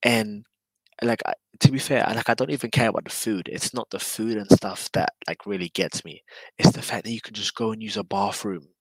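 Deep gravelly London man, laid-back. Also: steady tone, brisk, no echo, poor audio. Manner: laid-back, slangy, rambling with repeats. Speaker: guest, drifter. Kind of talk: casual interview chat.

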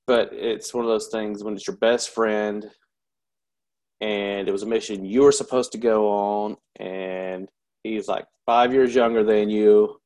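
A man, a military veteran, telling a painful personal story in an interview, halting and candid with many pauses and restarts. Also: on the low side, flat delivery, a little mellow.

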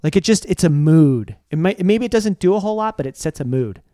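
Chatty man with a slightly higher voice. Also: lively intonation, fairly quick, mellow, no echo, clean studio sound. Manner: chatty, explains and jokes. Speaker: co-host. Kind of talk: casual chat about music videos.

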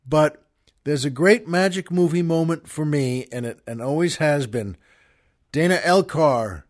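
A man hosting a podcast, retelling a favorite film scene in an enthusiastic, rambling monologue full of restarts and asides to the listeners. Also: fairly high pitch. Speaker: podcast host. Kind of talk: casual storytelling monologue.

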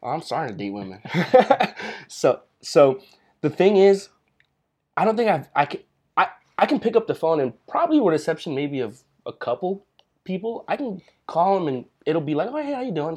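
Husky, lively young man telling stories. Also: a little high, normal speed. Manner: loose, storytelling, swears freely. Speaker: podcast co-host. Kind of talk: casual podcast chat.

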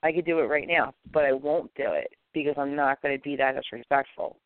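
A man hosting a podcast in casual chat, animated and opinionated, rambling with many restarts. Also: mid-range voice, fairly quick, no echo. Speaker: podcast host. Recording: tinny phone-like lo-fi audio, dry.

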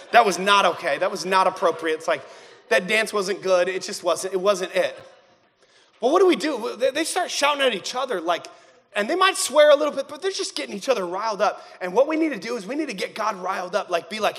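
A young man preaching a sermon as pastor, moving between quiet prayerful passages and loud shouted ones. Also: fairly quick. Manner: animated, swings from low prayerful tones to shouting. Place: church sanctuary. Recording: long hall reverb with faint music.

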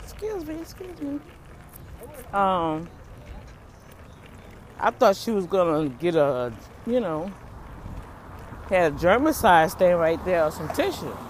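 A woman's voice: fairly low pitch, takes it slowly, long pauses, slight background noise. A woman telling a story casually to her viewers, addressing them as y'all and acting out what people said. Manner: animated, talks to viewers as "y'all", acts out quotes. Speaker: vlogger. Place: outdoors by a street, waiting for a bus.

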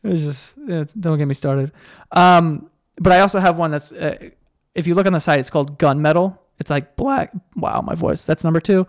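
Young male podcast host, loose rambling solo chat, slightly high voice that keeps cracking. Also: normal speed, no room sound, studio quality. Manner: rambling, self-deprecating, voice cracking.

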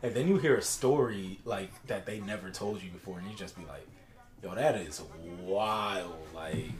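A man hosting a podcast in casual chat, blunt and opinionated with lots of slang. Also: on the low side. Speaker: podcast host. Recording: roomy echo.

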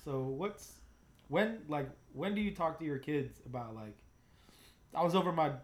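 A man's voice: on the high side, lively intonation, normal speed. A man in casual, crude chat among friends, laughing often and telling stories with acted-out quotes.

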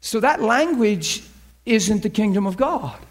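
A man's voice: high-pitched, expressive, measured pace. A male preacher giving a sermon, often repeating words and checking in with his listeners.

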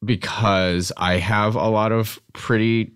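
A man's voice: lowish voice, steady tone, takes it slowly, clean tone, no echo, studio quality. A man from the American Midwest co-hosting a casual podcast chat, laughing often, self-deprecating and swearing freely. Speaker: co-host. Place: podcast studio.

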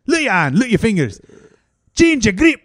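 A man's voice: a little high, unhurried, husky, no echo, clean studio sound. A man voicing a pushy female tennis coach who barks the same orders over and over. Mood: bossy. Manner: barking repeated orders.

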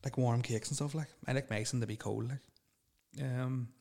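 A man's voice: mid-range voice, fairly even intonation, normal speed, vocal fry, warm tone. A young man hosting a solo podcast, rambling and swearing bluntly as he answers listener questions. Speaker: podcast host.

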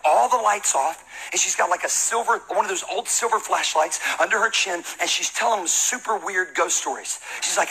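A pastor from the American South who preaches his sermon as lively, high-energy comic storytelling. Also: normal speed, husky, low-quality recording.

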